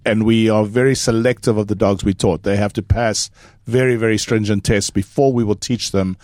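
A man's voice: fairly low pitch, fairly even intonation, moderate pace, a little mellow, dry recording. A middle-aged man from Africa, a dog trainer explaining at length in a casual podcast chat, often restarting his sentences.

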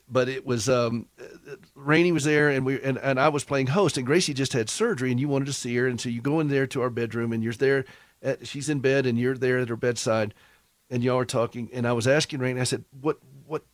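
A man hosts a faith talk show in a folksy, joking manner. His pitch sits in the middle of the range. The recording is dry and close, with no room around it. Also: dry recording. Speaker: radio talk show host. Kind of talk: warm humorous talk-show chat.

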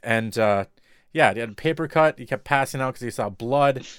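A man's voice: medium pitch, moderate pace, clear, resonant tone, no room sound, clean studio sound. Rambling man in casual chat. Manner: rambling, many fillers and restarts. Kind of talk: casual chat about TV shows.

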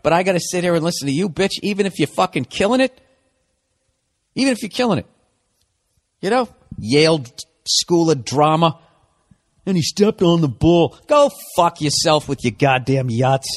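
A middle-aged man hosting a podcast, delivering a profane comedic rant that swings from loud outbursts to low mutters. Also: expressive, normal speed, long pauses. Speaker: podcast host.

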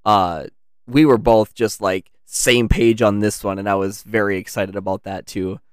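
A man's voice: lowish voice, steady tone, normal speed, smooth, dry recording, studio quality. A man co-hosting a podcast, narrating a storybook tale and chatting in an easygoing, rambling way. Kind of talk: storybook narration and casual chat.

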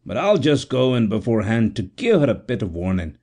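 A man voicing a rough, good-natured doctor in a storybook reading. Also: medium pitch, very animated, brisk, a little mellow. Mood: gruff kindly. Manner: rough and kindly. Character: gruff good-natured Scottish town doctor.

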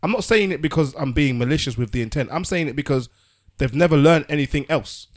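A man's voice: fairly high pitch, expressive, fast. A man explaining his view in casual podcast talk, earnestly, often repeating words as he works through a point. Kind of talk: casual discussion.

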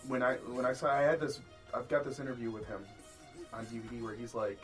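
A man hosting a casual podcast chat, swearing freely and laughing as he tells animated stories. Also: mid-range voice, fast talker, soft background music. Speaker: podcast host.

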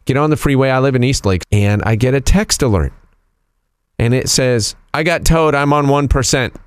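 A man hosting a radio show, telling a story in a casual, animated, teasing way. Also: mid-range voice, moderate pace, clear, resonant tone, dry recording.

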